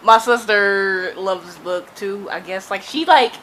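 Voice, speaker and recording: Young woman, casual book vlog, bright tone, animated, exasperated, voice going hoarse, lots of fillers. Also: medium pitch, unhurried, a little hiss or hum, low-quality recording. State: losing her voice. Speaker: book vlogger. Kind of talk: casual reading reaction vlog.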